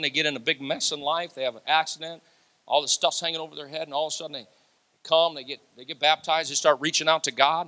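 A man preaching a sermon, animated, laughing and acting out quotes. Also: a little high. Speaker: pastor.

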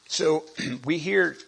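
A man giving a sermon, halting and restarting often and clearing his throat. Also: a little high, a bit bright, slight background noise. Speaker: preacher.

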